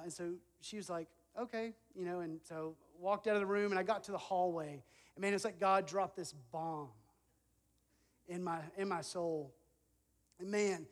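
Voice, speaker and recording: A man in his thirties preaching a sermon, earnest and conversational, telling a personal story with self-deprecating asides. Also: high-pitched. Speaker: pastor. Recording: long reverb of a large hall.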